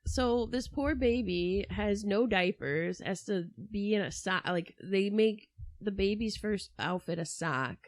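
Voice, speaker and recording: An animated woman chatting through a true-crime story, with a sarcastic, mocking streak in her asides. She is recorded close and dry, with no room sound. Her pitch sits in the middle of the usual range. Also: measured pace, no room sound. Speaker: podcast co-host. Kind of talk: casual true-crime chat.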